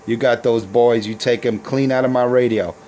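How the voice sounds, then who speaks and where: A man's voice: mid-range voice, fairly even intonation, moderate pace, mellow, a little hiss or hum. A man on a CB radio taunting rival operators in a boastful, repetitive way. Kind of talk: trash-talking radio banter.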